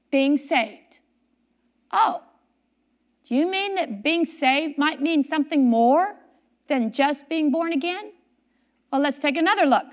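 A woman's voice: very high voice, bright, forceful tone. A woman preacher delivering a sermon, reading scripture aloud, repeating key phrases for emphasis and asking her congregation questions.

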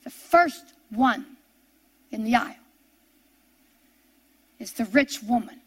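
A woman preacher with a high voice tells a story in her sermon. She often slows to long, drawn-out words for emphasis. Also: animated, fairly bright tone, slightly rough. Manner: storytelling with pleading, slowing to drawn-out prayerful emphasis.

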